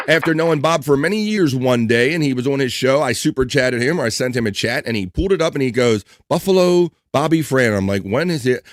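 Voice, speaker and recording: A man's voice: medium pitch, noisy background. A man hosting a live stream, chatting casually and reading viewer messages aloud in an upbeat way. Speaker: livestream host.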